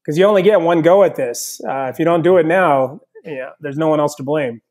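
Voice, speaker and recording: A man's voice: a little high, brisk. A man from south India, raised partly in the US, talking casually as a chef and author guest on an interview podcast. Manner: relaxed, thoughtful, frequent "you know".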